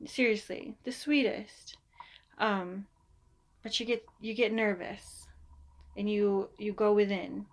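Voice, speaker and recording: A woman's voice: mid-range voice, fairly even intonation, slow pace. A woman giving a casual, chatty tarot reading. She reassures her listeners and now and then mimics them in a mock voice. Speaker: tarot reader.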